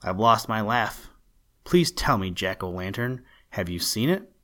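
A man's voice: fairly low pitch, animated, a little slow, sharp tone. A man voicing a troubled little male pixie who has lost his laugh, speaking in a plaintive, pleading way in a storybook reading. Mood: worried.

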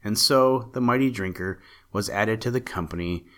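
Male storyteller, low voice, steady fairy-tale narration. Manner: steady, measured reading.

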